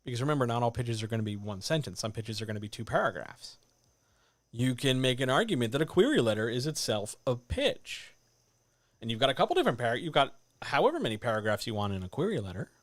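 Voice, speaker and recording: A man coaching writers in a livestreamed talk, animated and addressing listeners directly, with muttered asides to himself. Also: medium pitch, fast talker, dry recording. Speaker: writing coach. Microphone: desk microphone.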